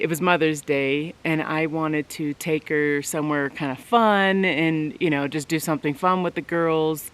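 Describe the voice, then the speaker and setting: A woman vlogger telling a casual story, getting animated with sudden high bursts when excited. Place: outdoors at a forest cabin.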